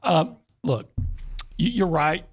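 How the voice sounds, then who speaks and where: A man co-hosting a sports radio show, a former reporter speaking in a measured, considered way. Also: a little high, animated, breathy edge. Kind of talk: casual sports radio chat.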